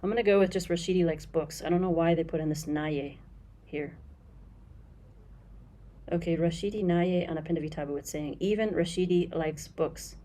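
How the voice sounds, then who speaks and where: Speaking in a low, dark voice, a woman gives a casual Swahili lesson commentary. She explains with patience, slowly repeats phrases amid fillers, and is candid about bad translations.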